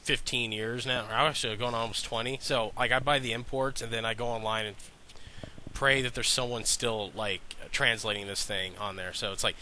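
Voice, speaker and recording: A man with a bright, forward voice chats on a podcast, rambling and cutting himself off mid-thought. He sounds slightly stuffed up from a sinus cold. A light hiss runs underneath. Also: medium pitch, fairly even intonation, fairly quick. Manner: rambling, self-interrupting, laughs easily. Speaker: podcast co-host. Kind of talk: casual podcast chat.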